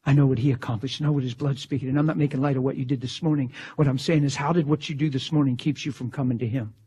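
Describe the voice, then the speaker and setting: A male preacher delivering a fervent sermon in a husky voice, swinging from exclamations down to hushed whispers. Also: mid-range voice, fairly even intonation, very fast.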